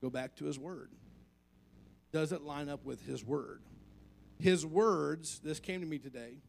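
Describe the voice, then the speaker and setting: A male pastor delivering a sermon in a gravelly, fairly high voice. His preaching is conversational and humorous, and he keeps asking the congregation questions as he goes. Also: lively intonation, unhurried, slight background noise.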